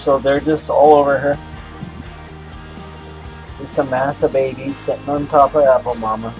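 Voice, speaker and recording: Vlogger in their 50s, playful cooing chat, middle pitch, music playing underneath. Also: flat delivery, normal speed, darkish tone. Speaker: pet vlogger. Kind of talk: casual chat over pet footage. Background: background music.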